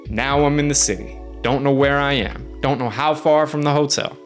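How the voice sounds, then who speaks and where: A man casually telling a travel story on his stream, animated and jumping into quoted voices. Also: medium pitch, normal speed, soft background music.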